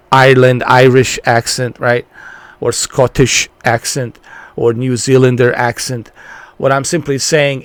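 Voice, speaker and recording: A man talks over gameplay footage in a loose, rambling way, circling back and filling gaps with ums and uhs. His voice sits at an ordinary middle pitch. The sound is dry and close, with no room around it. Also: clear, resonant tone, no echo. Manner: rambling, repeats himself with many fillers. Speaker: gaming channel host. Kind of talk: casual gameplay commentary.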